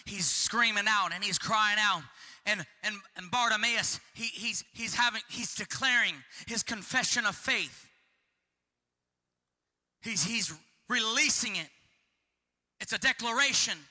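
Male preacher, fervent and repetitive, high piercing voice, reverb-heavy hall. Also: measured pace. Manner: fervent, repetitive, builds to shouting. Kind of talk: sermon.

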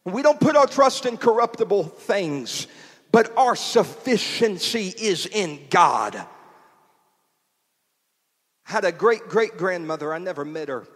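A man preaching a sermon in a portable church, using rhythmic repetition that builds to shouts. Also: sits high, big pitch swings, a little slow, big-room sound.

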